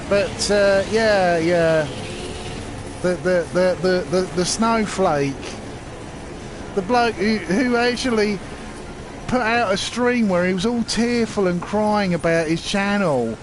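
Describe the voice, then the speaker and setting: A man's voice: high voice, takes it slowly, noisy background. A man ranting to his viewers in a rambling, sarcastic way, full of restarts and fillers. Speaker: channel host. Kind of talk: casual rant to camera.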